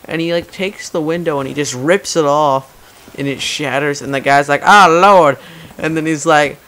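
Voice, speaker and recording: A man's voice: fairly even intonation, moderate pace. A young man chatting casually over gameplay, telling stories in a rambling way and acting out the people in them. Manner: rambling storytelling, acts out quotes in loud high voices. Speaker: gaming commentator.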